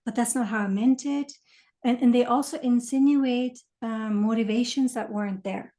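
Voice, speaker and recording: A woman being interviewed, explaining things thoughtfully and letting her lines trail off softly. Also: on the high side, moderate pace. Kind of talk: conversational interview.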